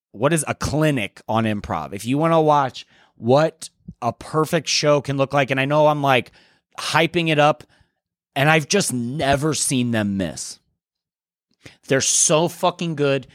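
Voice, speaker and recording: A young man hosting a solo podcast, chatting in a rambling, profane, excitable way. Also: mid-range voice, dry recording, clean studio sound. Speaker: podcast host. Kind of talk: casual solo podcast chat.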